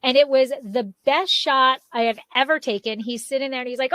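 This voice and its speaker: A woman's voice: high-pitched, normal speed, a bit bright, dry recording. A woman co-hosting a podcast interview, chatting casually and telling stories with easy laughter. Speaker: podcast co-host.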